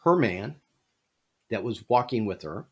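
Man, podcast host, animated comic storyteller, lively pitch. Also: unhurried, breathy edge. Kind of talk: casual storytelling.

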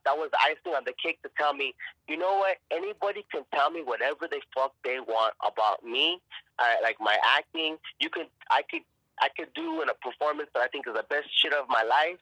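Emphatic, bright-voiced man telling his story. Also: a little high, dry recording, low-quality recording. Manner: emphatic, profane, repeats and restarts words. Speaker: actor and podcast guest. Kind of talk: casual conversational storytelling.

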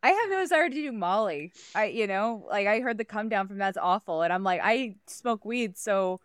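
A woman co-hosting a podcast, giggling, swearing and rambling in casual chat while high. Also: lively intonation, moderate pace, smooth, dry recording, studio quality. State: high on cannabis. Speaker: podcast co-host.

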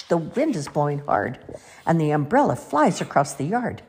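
Expressive storyteller woman, low-ish husky voice, very animated. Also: moderate pace. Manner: expressive, sing-song. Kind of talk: children's story read-aloud.

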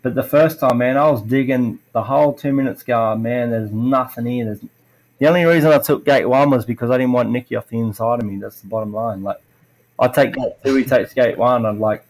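Brisk and medium-pitched, a middle-aged man recounts racing stories on a podcast, heard through a low-quality recording. A retired racer, he talks casually and animatedly, acting out what people said and dropping in many "like" fillers.

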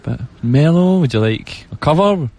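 A man's voice: fairly high pitch, lively intonation, moderate pace, creaky, darkish tone. A man who is a guest musician on a radio show, chatting in a laid-back, hesitant way with lots of fillers. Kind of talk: casual radio chat.

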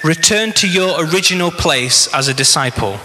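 A man voicing a calm, firm teacher who gives measured commands to his follower. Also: on the high side, noisy background, close to an everyday voice. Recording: long hall reverb.

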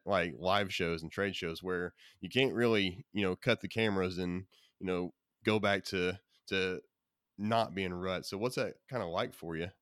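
A man's voice: deep voice, fairly bright tone, clear, resonant tone, dry recording, clean studio sound. A man hosting an interview, asking easygoing questions full of fillers. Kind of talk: casual interview chat.

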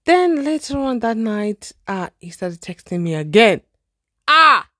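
A young Zimbabwean woman spins a dating story as a podcast host, chatty and exclamatory with a ready laugh. Her voice sits at a middle pitch, and the recording is dry and close, with no room around it. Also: sing-song, unhurried, no echo. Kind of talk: casual storytelling monologue.

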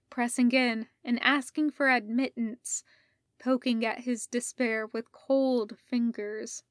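A woman reading fan fiction aloud as an audiobook, in a measured, soft-spoken storytelling voice. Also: fairly high pitch, no echo, clean studio sound. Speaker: audiobook reader.

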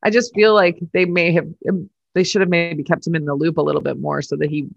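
A woman co-hosting a casual chat, animated and laughing, swearing and shouting out quoted lines. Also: lowish voice, fast, gravelly, dry recording, muffled recording. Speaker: podcast co-host.

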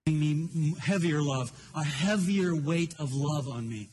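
A man's voice: on the high side, a little slow, darkish tone, slight background noise. An older man preaching a sermon, telling a personal story in an earnest, emotional way. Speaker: pastor.

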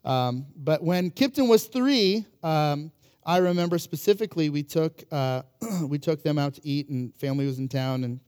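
Higher-voiced man preaching in a chatty tone. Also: animated, moderate pace, darkish tone, clear, resonant tone. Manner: conversational storytelling with many fillers and restarts; humorous, self-deprecating anecdotes. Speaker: pastor. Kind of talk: casual sermon.

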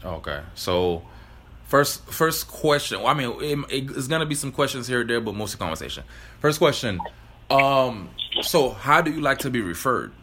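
A man co-hosting a casual podcast interview, talking in a relaxed, candid and chatty way. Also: mid-range voice, normal speed, slight background noise. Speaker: podcast co-host.

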